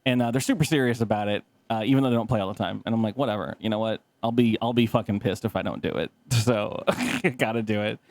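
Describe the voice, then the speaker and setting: A man's voice: on the low side, fast talker, a little mellow, dry recording. A man co-hosting a podcast, telling a rambling story with laughs and swearing, acting out other people's lines. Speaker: podcast co-host. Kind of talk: casual chat, storytelling.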